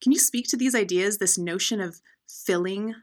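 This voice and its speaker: A female host of a book show interviewing a poet, asking measured, considered questions. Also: medium pitch, a little mellow.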